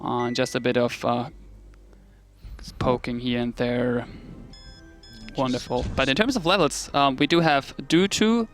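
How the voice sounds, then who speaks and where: A man's voice: medium pitch, measured pace, long pauses, soft background music. A man commentating a live esports match in a casual, self-deprecating way, often laughing at himself.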